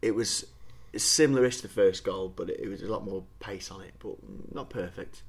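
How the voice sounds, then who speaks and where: A man's voice: lowish voice, fairly quick. A man co-hosting a casual football podcast, conversational and agreeable, often ending with tag questions. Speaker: podcast co-host.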